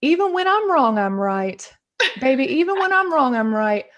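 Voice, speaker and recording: A rough, tough Southern father speaks in a drawling, emphatic Southern US accent, as his daughter imitates him. The voice sits high and comes out loud. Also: sing-song, normal speed. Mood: affectionate. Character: rough tough Southern dad, older man.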